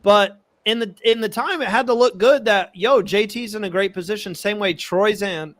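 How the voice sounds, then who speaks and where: A man co-hosting a podcast, talking in a casual, excitable, animated way. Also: high voice, normal speed, no echo. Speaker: podcast co-host. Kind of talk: casual chat.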